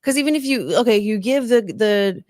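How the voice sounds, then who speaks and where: A woman's voice: fairly high pitch, moderate pace, a little mellow, no echo, clean studio sound. A young adult woman hosting a podcast, ranting in casual commentary and reading chat, with lots of fillers. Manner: chatty, exasperated, ranting with many fillers. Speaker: podcast host.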